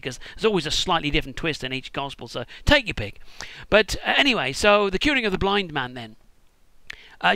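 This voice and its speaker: A man riffs through a sarcastic, sweary comic monologue in a high, bright voice that swings up and down. The sound is close and dry, with no room around it. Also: no room sound. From United Kingdom. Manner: sarcastic, swears often, acts out scenes. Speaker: vlogger.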